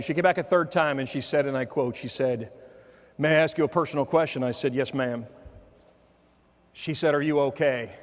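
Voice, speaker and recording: A man giving a motivational keynote talk, telling a personal story with humor and dropping softer for quoted lines. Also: fairly high pitch. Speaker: motivational speaker. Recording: long hall reverb.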